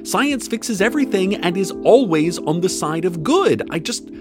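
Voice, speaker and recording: A man's voice: sits high, sing-song, normal speed, pitched above the performer's own voice. A man voicing a frustrated young male scientist who sounds upset and worked up. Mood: agitated. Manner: agitated, worked-up. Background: music.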